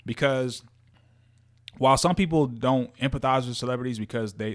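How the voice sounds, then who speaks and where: Podcast dude just chatting, lots of you know what im sayings, animated. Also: male voice, mid-range voice, moderate pace. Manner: animated, repeats himself, many fillers. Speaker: podcast co-host. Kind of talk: casual chat.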